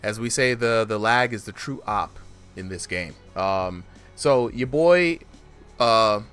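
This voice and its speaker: A man hosting a casual stream interview, talking in an energetic, slangy way. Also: on the low side, slow, clear, resonant tone, faint music behind. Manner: energetic, slangy, says "bro" a lot. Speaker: host.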